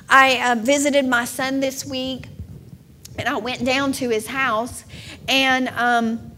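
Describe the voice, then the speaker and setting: A middle-aged woman preaching a sermon, emotional and building to emphatic, drawn-out declarations. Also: on the high side, fairly bright tone, a little hiss or hum.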